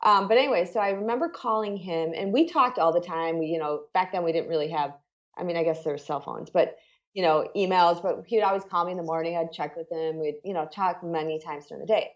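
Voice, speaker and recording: Earnest middle-aged woman, lowish voice. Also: quick pace, muffled recording. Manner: conversational and earnest, full of "you know" and "like". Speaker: guest. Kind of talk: personal story in an interview.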